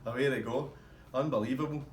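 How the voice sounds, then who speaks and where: Man, casual anecdote, swearing, animated, roomy echo, faint background. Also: medium pitch, a little fast, a little hiss or hum. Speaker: storyteller.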